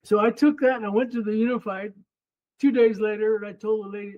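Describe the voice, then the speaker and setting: An older man in his seventies tells stories from his coaching days in a high, lively voice. He slips into the voices of the people he quotes. The audio sounds dull and muffled. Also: a little fast. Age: 70s. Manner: animated, acts out quoted voices. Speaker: guest, former runner and coach. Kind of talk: storytelling in an interview.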